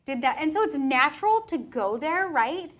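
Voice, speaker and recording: A woman hosting a casual podcast, with a somewhat high voice. She is agreeable and reflective, and she often chimes in with "right" and fills her speech with "like.". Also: sing-song, normal speed, a bit bright. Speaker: podcast host.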